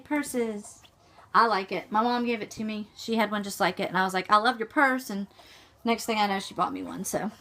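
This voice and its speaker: Middle-aged woman, home vlogger, bright voice, chatty and meandering, corrects herself as she goes. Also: a little high. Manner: chatty, rambling, self-correcting. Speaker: cross-stitch vlogger. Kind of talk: casual chat.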